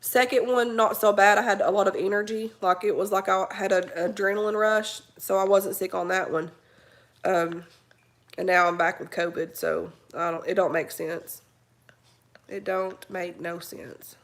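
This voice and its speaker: Sick with covid, a woman vlogger hosts a casual morning live chat from home in a mid-range, level voice at normal speed. She's chatty and rambling, pausing between thoughts to talk to her dog.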